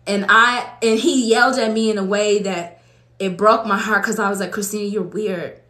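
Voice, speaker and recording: A woman's voice: mid-range voice, steady tone, normal speed, bright, forceful tone. A woman preacher from Los Angeles giving a fervent, conversational testimony sermon to her congregation in a church. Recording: echoey room.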